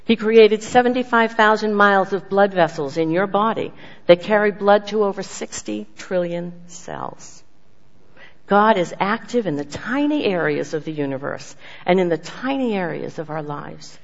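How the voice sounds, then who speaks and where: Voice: mid-range voice, animated, normal speed, vocal fry. Earnest preacher in a reverberant hall. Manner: earnest, swings from emphatic to hushed. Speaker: speaker giving a devotional message. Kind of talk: sermon with personal testimony. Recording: dull lo-fi sound with long hall reverb.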